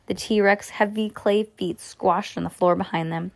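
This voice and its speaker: A woman reading a children's chapter book aloud, stumbling and rereading as she goes, giving the characters lively voices. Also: medium pitch, measured pace, creaky. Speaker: reader.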